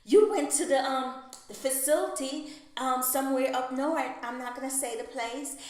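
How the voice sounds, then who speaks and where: Woman putting on a flustered recruiter voice, apologetic, a bit high, heavy room echo. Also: normal speed, a little mellow, close to an everyday voice. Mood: explaining. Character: apologetic female nurse recruiter on the phone. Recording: very echoey room.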